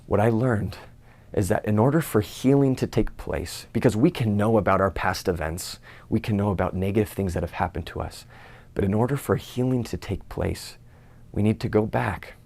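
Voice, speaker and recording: A young man tells his own story with earnest feeling. His low voice has a gravelly, creaky texture, and he sometimes voices his own inner thoughts. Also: darkish tone. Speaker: speaker giving a personal testimony. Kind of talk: personal testimony talk.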